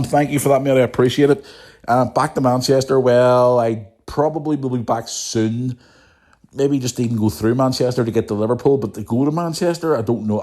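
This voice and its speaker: A young man hosting a casual podcast, reading listener emails and chatting in an animated, sweary way. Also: medium pitch. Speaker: podcast host.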